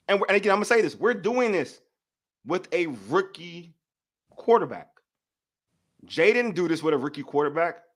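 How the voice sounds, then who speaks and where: High-voiced man venting about sports. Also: a bit bright. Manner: heated, venting, slangy. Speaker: sports show host. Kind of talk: casual sports debate.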